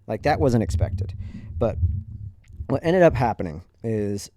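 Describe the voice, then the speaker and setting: A man's voice: on the low side, big pitch swings, a little slow, mellow, no echo, clean studio sound. A man in his thirties, a podcast host, candidly and reflectively telling a personal story in a conversational way.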